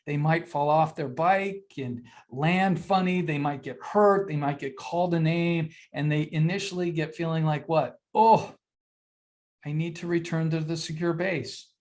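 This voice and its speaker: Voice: medium pitch, normal speed, few pauses. An older presenter giving an earnest, conversational webinar lecture, often posing rhetorical questions to the audience and answering them. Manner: teaching with frequent rhetorical questions; earnest and conversational, addresses listeners directly. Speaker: webinar presenter on mental health.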